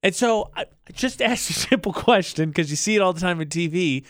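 A man's voice: high-pitched, lively intonation, a little fast, fairly bright tone, dry recording, clean studio sound. A man co-hosting a morning radio show, telling stories in a chatty, joking way. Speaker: radio co-host.

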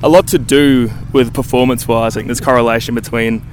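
A man's voice: medium pitch, steady tone, a little hiss or hum. A young Australian man, a college football punter, talking easily as a radio guest, with many fillers and restarts. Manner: easygoing, halting with fillers. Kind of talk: phone-in interview.

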